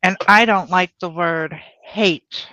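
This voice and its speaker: Female co-host, low and very slow, dry close recording with a muffled lo-fi tone. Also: pushed and bright, dry recording. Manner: unhurried, mostly short agreeing replies. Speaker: podcast co-host. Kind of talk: casual chat.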